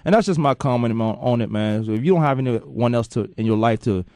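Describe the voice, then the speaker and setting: A man's voice: mid-range voice, quick pace, mellow, no echo. A man hosts sports talk radio in a loose, joking, slangy way, rambling through his opinions. His voice sits close and dry on a studio mic. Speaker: sports talk show host.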